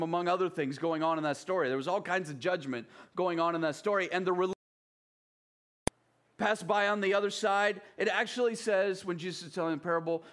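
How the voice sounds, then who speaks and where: Southern guy preaching, pretty high voice, chatty, keeps asking "right?". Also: a bit bright. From American South. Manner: conversational, often checks in with the listeners. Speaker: pastor. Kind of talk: sermon.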